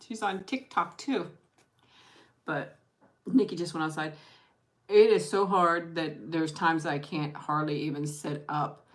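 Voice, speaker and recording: A woman vlogger hosts an eat-with-me stream, chatting casually with viewers over lunch. Her voice is low and steady, unhurried and full of pauses, and she rambles, restarts sentences and thanks people by name.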